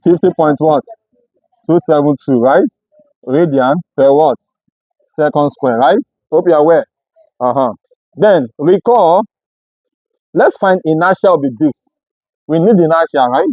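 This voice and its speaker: A male physics tutor leads a lesson in call-and-response, leaving each sentence open for the students to fill in. His voice sits slightly high but sounds mellow. The recording is dry, with almost no room sound. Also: normal speed, long pauses, no echo, poor audio. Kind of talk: classroom lecture.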